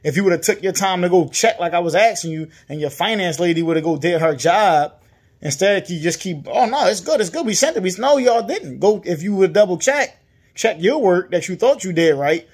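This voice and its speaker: Brief: frustrated man with a Virginia accent, casual venting vlog, slightly high voice. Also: fairly quick, breathy edge. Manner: frustrated, repetitive, mimics others' lines. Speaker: customer complaining about a dealer.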